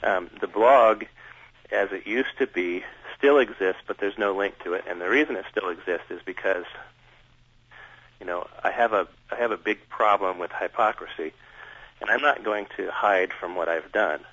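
A man with a very deep voice speaks earnestly and at length as a radio guest. His delivery is measured and candid, and the sound is dull and dry. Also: fairly bright tone, dry recording. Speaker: interview guest.

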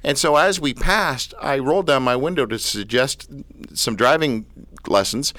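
A man's voice: medium pitch, moderate pace, a bit bright, no echo. A man hosting a radio show, joking and teasing his guest in casual chat. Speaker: radio host.

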